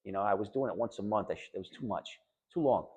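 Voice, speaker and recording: A man's voice: on the low side, quick pace, breathy edge. A middle-aged man with a New England accent telling an audience his own story as a patient, in a blunt, emphatic, conversational way. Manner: blunt, emphatic, conversational, quotes others in animated voices. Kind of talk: candid personal talk to an audience.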